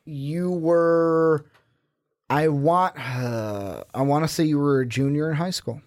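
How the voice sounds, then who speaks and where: A man's voice: fairly high pitch, slow pace. A young man co-hosting a sports podcast in casual chat, quizzing his partner with rambling asides. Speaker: podcast co-host.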